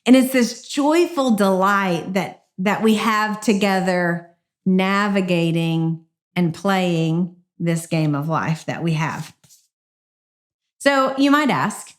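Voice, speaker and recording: Slow, earnest woman podcast host. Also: mid-range voice. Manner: earnest, encouraging, slow and reflective. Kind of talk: devotional podcast teaching.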